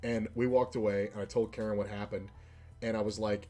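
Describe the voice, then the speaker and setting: A man's voice: lowish voice, flat delivery, a little fast, dark tone, faint music behind. A man streaming a game and chatting casually, telling a rambling, profane story between side comments on play. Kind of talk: casual storytelling while gaming.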